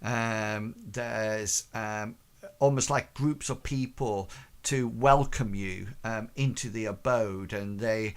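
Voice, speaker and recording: A man narrating as game master of a streamed tabletop game, pausing often with ums and correcting himself. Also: on the low side, clear, resonant tone. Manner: halting, full of ums and self-corrections.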